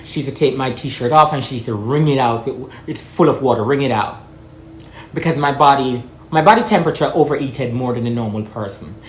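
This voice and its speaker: A woman's voice: very deep voice, a little fast, roomy sound, slight background noise. Outspoken Jamaican woman vlogging. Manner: outspoken, frank and rambling. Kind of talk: casual talk to camera.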